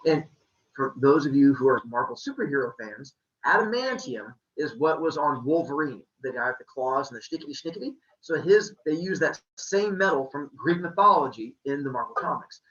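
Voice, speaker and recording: A man's voice: fairly high pitch, normal speed, roomy sound, recorded from a distance, highs cut off. A man, a teacher, casually retelling a myth to a class with jokes. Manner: lively, joking retelling.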